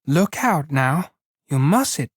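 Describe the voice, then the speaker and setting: A man's voice: a little high, sing-song, takes it slowly, slightly rough, dry recording, heavily acted. Man doing a vain young ranch wife, teasing, complacent, dry close sound. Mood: alarmed. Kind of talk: audiobook reading.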